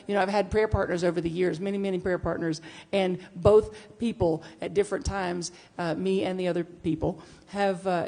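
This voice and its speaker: A middle-aged woman minister, giving a conversational sermon with animated storytelling that moves between hushed reflection and playful bursts. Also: fairly low pitch, vocal fry.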